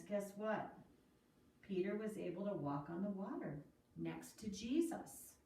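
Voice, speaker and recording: A woman telling a children's Bible story with a felt board, in an animated sing-song way that asks the children questions. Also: high-pitched. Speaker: children's storyteller at a church school. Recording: echoey room, far from mic.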